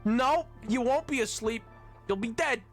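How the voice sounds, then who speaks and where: A man streaming, chatting casually with his viewers, who laughs often and keeps an animated back-and-forth going. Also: very high voice, measured pace, faint music behind. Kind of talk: casual live-stream chat, reading chat messages.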